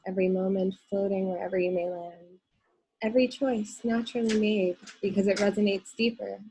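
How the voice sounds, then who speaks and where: A woman on a video call reading her own gentle prose poem in a soft voice that fades at the ends of phrases. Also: medium pitch, breathy edge, rough recording. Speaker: guest reader on a call.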